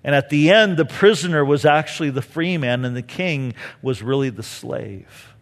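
A man's voice: mid-range voice, normal speed, in a large hall. A man preaching a sermon, who keeps acting out the voices of the people he quotes. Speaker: pastor.

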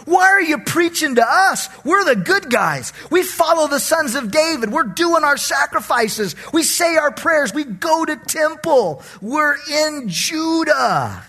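Preacher doing a smug self-righteous church guy, raspy and high, whining back defensively. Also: sing-song, normal speed, a bit bright, full character voice. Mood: smug protest. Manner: indignant, defensive protesting.

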